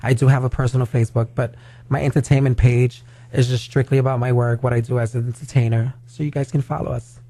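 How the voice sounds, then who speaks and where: A man who performs as a drag queen, chatting as a guest in a radio studio, talking fast and loose with lots of filler words. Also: mid-range voice, little pitch movement, warm tone. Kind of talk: casual radio interview chat.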